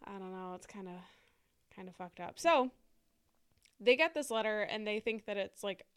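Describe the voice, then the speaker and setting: Woman, podcast co-host, casual chat, smooth resonant voice, lots of fillers. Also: medium pitch, animated, normal speed, fairly bright tone. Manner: chatty, frequent "like" and "um" fillers.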